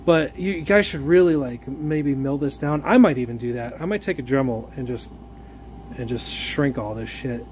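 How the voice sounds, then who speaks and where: A man's voice: medium pitch, normal speed, a little mellow, a little hiss or hum. A man giving a casual, profanity-laced vlog rant with rambling restarts and fillers, like someone telling a story about a frustrating purchase. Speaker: gun vlogger.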